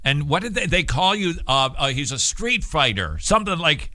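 Lively, bright-voiced male radio host. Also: on the high side, normal speed, dry recording. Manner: teasing and upbeat. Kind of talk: casual radio chat.

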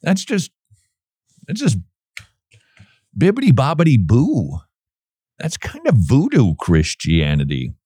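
A man talks with a sarcastic, joking edge and a lively, swinging pitch. He laughs often as he riffs with his co-host. The sound is close and dry. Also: measured pace, breathy edge, no echo. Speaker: podcast co-host. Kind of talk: casual commentary.

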